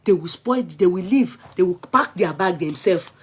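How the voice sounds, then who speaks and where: A middle-aged woman with a Nigerian Yoruba accent, talking through casual commentary as a vlog host, animated and exclaiming as she switches between languages. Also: fairly low pitch, moderate pace, husky. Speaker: vlog host taking calls.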